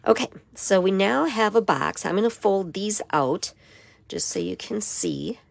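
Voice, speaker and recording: A hoarse woman with a raspy voice giving a step-by-step papercraft tutorial in her craft studio. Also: mid-range voice, lively intonation, measured pace, dry recording. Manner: step-by-step instruction with frequent okays. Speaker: papercraft demonstrator.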